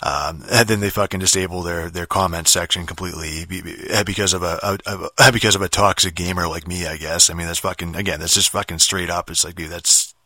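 A man's voice: low voice, fairly even intonation, a little fast, few pauses, pushed and bright, dry recording. A man ranting in a casual monologue, swearing constantly and restarting sentences as he rambles. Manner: profane, rambling, many restarts and fillers. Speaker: podcaster.

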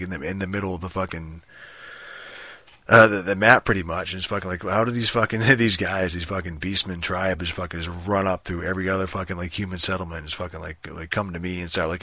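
A man's voice: deep voice, bright, forceful tone, no echo. A young man talking casually and rambling about a strategy game, swearing constantly and restarting his sentences. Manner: rambling, heavy swearing, many fillers and restarts.

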